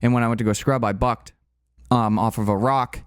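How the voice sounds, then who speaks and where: A man's voice: mid-range voice, fairly even intonation, a little fast, smooth, dry recording, studio quality. Candid young man telling a crash story. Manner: rambling, candid, frequent fillers and restarts. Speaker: channel co-host. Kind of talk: casual storytelling.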